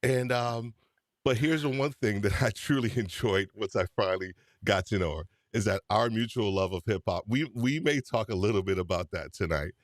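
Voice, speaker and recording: A man's voice: lowish voice, moderate pace, no room sound, clean studio sound. A man hosting a live-streamed podcast show, chatty and upbeat, teasing his guest. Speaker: host.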